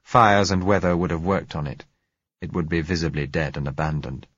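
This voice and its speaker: A man narrating a novel in first person, in a measured, reflective way. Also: low-pitched, steady tone, a bit bright, slightly rough, no echo, highs cut off. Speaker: audiobook narrator.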